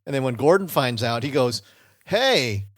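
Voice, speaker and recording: A man with a mid-range voice hosts a podcast in casual chat, talking quickly and rambling with many fillers and restarts. The sound is clean studio audio with no room sound.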